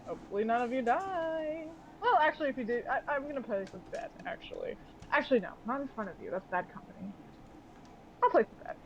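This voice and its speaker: A man's voice: very high-pitched, expressive, fast talker, muffled recording, a little hiss or hum, voice pushed up. A man voicing a sly, mocking male ship captain who talks in a smug, theatrical way.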